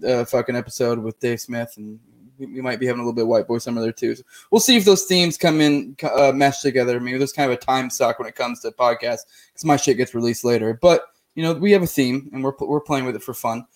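A man's voice: mid-range voice, quick pace. A man hosting his own podcast, talking loosely and crudely in casual chat. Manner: loose and profane, lots of fillers and restarts. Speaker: podcast host.

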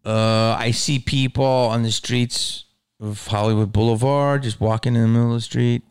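A man hosting his own podcast, rambling in a casual, profane monologue that swings from mumbles to loud outbursts. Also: medium pitch, fairly even intonation, moderate pace, smooth, dry recording. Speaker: podcast host.

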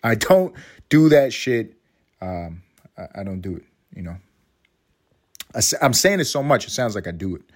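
Rambling, profane man with a low voice. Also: lively intonation, normal speed, pauses often, a bit bright, husky. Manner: rambling, profane, self-mocking with bursts of laughter. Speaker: podcast host. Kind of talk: casual solo podcast monologue.

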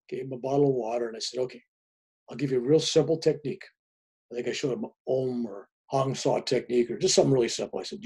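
A man in his seventies, a spiritual author appearing as a guest, who tells stories in an animated way and chuckles as he goes. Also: medium pitch, quick pace, breathy edge. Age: 70s. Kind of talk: casual storytelling.

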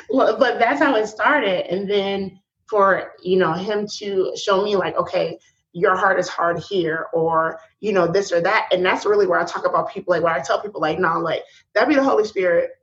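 A woman guest in a casual talk about faith, telling stories in a slangy, lively way with frequent laughter. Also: mid-range voice, moderate pace. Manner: animated storytelling with laughs. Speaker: podcast guest. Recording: dull lo-fi sound.

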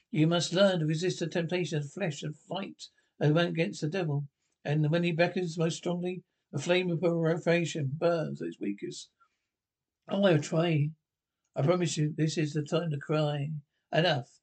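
A man with a gravelly voice speaking fussy, flustered dialogue in a 1970s period film comedy. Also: on the high side.

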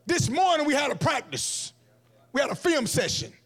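A man. His voice sits very high and swings widely in pitch. He is animated and comic, and he acts out quotes in different voices. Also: normal speed. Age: 40s. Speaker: guest speaker. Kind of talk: energetic sermon. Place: church event hall before an audience.

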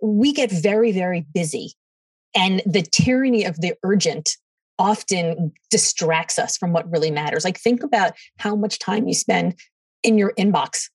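Middle-aged woman, low husky voice, animated storyteller, dry room, slightly distant mic. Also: normal speed, dry recording. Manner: animated, quotes others in dialogue. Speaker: podcast guest. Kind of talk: storytelling interview answers.

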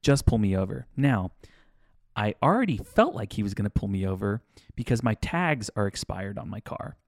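A man co-hosting a podcast, telling a long rambling story in a casual chat, animated and swearing now and then. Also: fairly low pitch, moderate pace, dry recording, studio quality. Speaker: podcast co-host.

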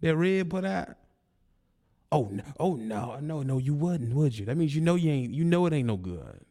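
Man, 30s, rough gravelly voice, taunting preachy commentator. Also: fairly high pitch, expressive, moderate pace, mellow. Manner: preachy, taunting, repeats himself. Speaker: online commentator. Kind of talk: confrontational monologue.

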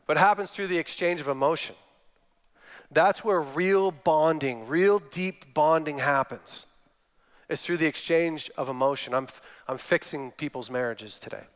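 A man's voice: fairly high pitch, normal speed. A man in his thirties, a guest speaker giving a sermon, telling stories and acting out quotes. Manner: storytelling with acted-out quotes. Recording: long hall reverb.

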